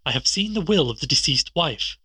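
A man's voice: on the high side, expressive, bright, forceful tone, husky, dry recording, full character voice. Man reading a cool, unflappable detective. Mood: calm. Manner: bland, measured, dryly amused. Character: calm, sharp-witted male detective, wry and unflappable. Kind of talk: audiobook character reading.

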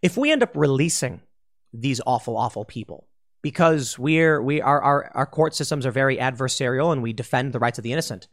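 A man's voice: medium pitch, expressive, fairly quick. A man hosting a political commentary monologue, blunt and argumentative, often acting out mocking voices. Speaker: host.

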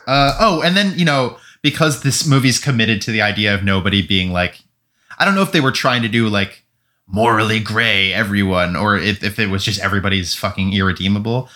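A man co-hosting a casual film podcast, animated and profane, mocking characters. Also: a little fast. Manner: animated, swearing, mocks characters in shrill voices. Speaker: podcast co-host.

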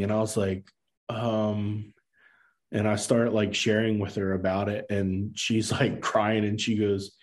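Earnest low-voiced man telling his story. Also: level tone, measured pace. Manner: earnest, acts out quoted dialogue, many fillers. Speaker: podcast guest. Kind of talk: casual storytelling.

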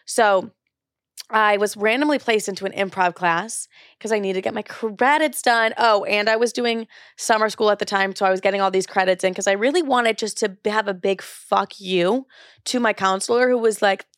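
A woman's voice: medium pitch, normal speed, no room sound, studio quality. Chatty, profane young woman storyteller. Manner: chatty, profane, animated quoting of others. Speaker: podcast host. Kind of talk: candid personal storytelling.

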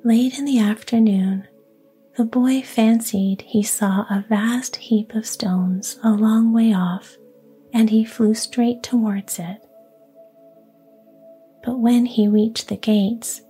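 A woman storyteller reads a fairy tale in a soft, even whisper. Her pace is very slow and her tone dark and mellow. The voice is airy and breathy throughout. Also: medium pitch, faint music behind.

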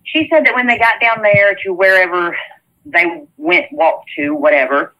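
A middle-aged woman, recounting events in a rambling, halting way during an interview. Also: fairly low pitch, lo-fi sound. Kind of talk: casual spoken recounting.

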